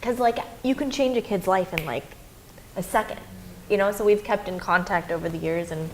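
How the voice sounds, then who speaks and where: A young woman guest in a casual interview, telling lively stories and acting out her own quotes. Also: medium pitch, moderate pace, slight background noise. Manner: animated storyteller, acts out quotes. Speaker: interview guest, adventurer and filmmaker.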